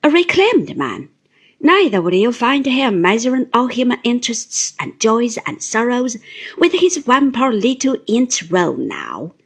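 Woman voicing a brisk, proud elderly aunt. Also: on the high side, sing-song, slightly rough, heavily acted. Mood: firm, earnest. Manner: clipped, emphatic, blunt.

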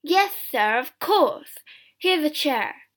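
A woman reading a storybook, voicing a loud, eager, servile Victorian male showman who calls everyone sir. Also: sits high, very animated, takes it slowly, pitched above the performer's own voice, exaggerated voice. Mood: fawning.

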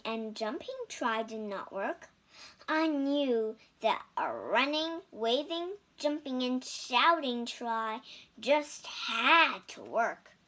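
A woman reading a children's picture book aloud slowly and carefully, with small restarts, then teaching and spelling out vocabulary words. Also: a little high, a bit bright. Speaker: storybook reader and English teacher. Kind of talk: children's storybook read-aloud.

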